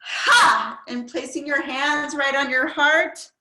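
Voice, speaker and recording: A woman leading an online grief yoga session, giving soft, gentle guidance through a headset mic. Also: high voice, fairly even intonation, a little slow, background noise.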